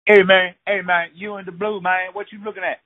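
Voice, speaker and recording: A man voicing a hotheaded young street tough who is picking fights, loud and taunting. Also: sits high, level tone, a little fast, voice pushed up, lightly acted. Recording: tinny dry phone line.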